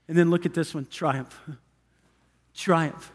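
A man's voice: high voice, steady tone, normal speed, in a large hall. A man preaching a sermon as pastor in a church, with an emphatic, repetitive cadence. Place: church sanctuary.

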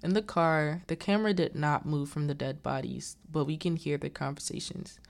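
A woman's voice: low-pitched, moderate pace. A young woman casually recapping a film's plot, quoting the characters as she goes. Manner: retells the plot with quoted lines and filler "like". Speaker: movie reviewer.

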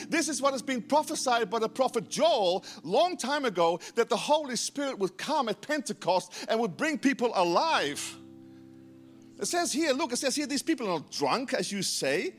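A man preaching a lively sermon as pastor, acting out quoted voices with emphasis. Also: very high voice, brisk, faint music behind.

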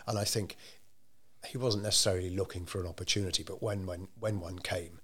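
A man telling a story in an interview, measured and unhurried, with frequent ums and restarts. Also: deep voice, steady tone, breathy edge. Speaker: interviewee telling local history. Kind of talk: conversational storytelling.

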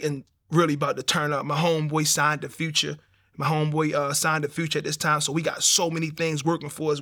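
A young man, telling his personal testimony in a streetwise, animated way with slang. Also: on the high side. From Baltimore. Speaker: testimony speaker.

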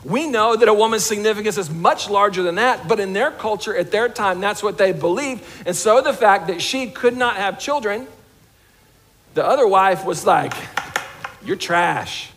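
Man, high-pitched voice, pastor preaching, conversational with humor, soft emphatic drops. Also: lively intonation, normal speed. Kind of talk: sermon.

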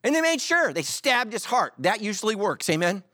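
This high-pitched middle-aged pastor preaches at normal speed with no room sound. Animated tales, jokes, and acted-out quotes shape his sermon.

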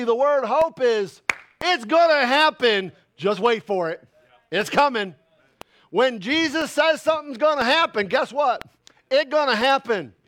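A male pastor preaching a sermon with fervent bursts of loud emphasis that drop into quiet asides. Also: extremely high pitch. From Italian heritage.

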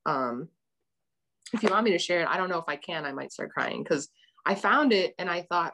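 A woman's voice: fairly low pitch, moderate pace, gravelly, fairly bright tone, husky. A middle-aged woman telling a personal story as a guest, earnest and rambling, with many restarts.

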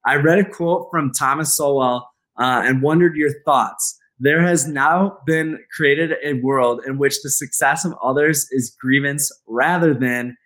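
Male podcast co-host, upbeat and enthusiastic, slightly high voice. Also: a bit bright. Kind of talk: casual podcast chat.

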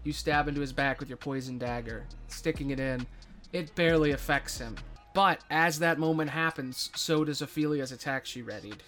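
A man narrating as game master of a tabletop game, casual with dramatic pauses. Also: a little high, a bit bright, soft background music.

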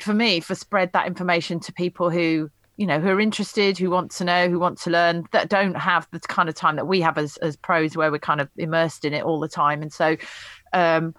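A woman's voice: fairly low pitch, fairly bright tone, dry recording. A woman guest on a podcast, an animal behaviourist who explains things thoughtfully and hedges often with "sort of" and "you know". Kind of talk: interview answers.

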